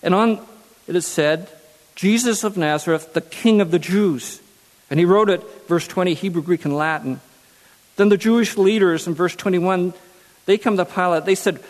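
A man's voice: sits high, in a large hall. A man preaching a sermon who reads scripture aloud and then repeats key phrases for emphasis.

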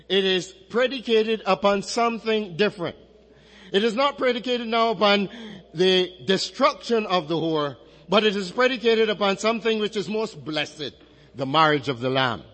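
A man preaching an expository sermon, measured and emphatic, drawing out key phrases as he reads and explains scripture. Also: sits high, a bit bright. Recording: long reverberant hall.

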